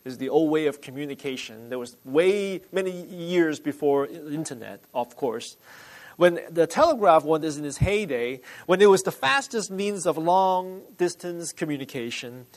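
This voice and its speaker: A male pastor delivering a sermon, emphatic and deliberate, repeating key phrases. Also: a little high, expressive, poor audio.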